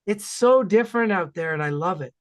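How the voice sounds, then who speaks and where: A man from Ontario with an Ontario Canadian accent, a regular on the podcast, chatting casually in energetic, emphatic bursts. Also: high voice, a little fast.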